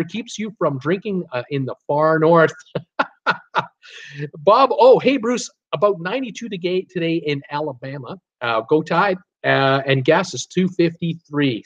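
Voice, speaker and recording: A man from Canada hosting a casual live stream, reading viewer comments aloud and chatting with many fillers. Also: medium pitch. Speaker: host reading live chat. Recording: dull lo-fi stream audio.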